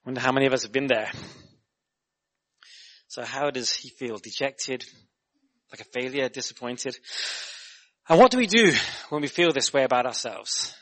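A man's voice: medium pitch, normal speed, long pauses. Conversational man preaching a sermon. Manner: conversational, animated, repeats words, asks the listeners questions. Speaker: guest preacher.

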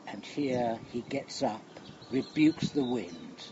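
A man, older, preaching a sermon in a slow, reflective way, letting phrases fall quiet and hushed. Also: medium pitch, big pitch swings. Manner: slow, reflective, with long pauses and hushed endings. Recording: dull lo-fi recording with faint outdoor noise.

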